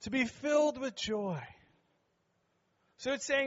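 A middle-aged man preaching a sermon as pastor in a church, joking with the congregation and building to shouts. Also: extremely high pitch, slow pace, pauses often, muffled recording. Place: church sanctuary.

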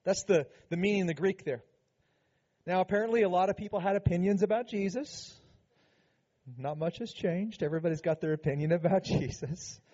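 High-voiced man preaching earnestly. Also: brisk, mellow, dull audio. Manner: earnest, emphatic preaching with frequent asides. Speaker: pastor. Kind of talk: sermon.

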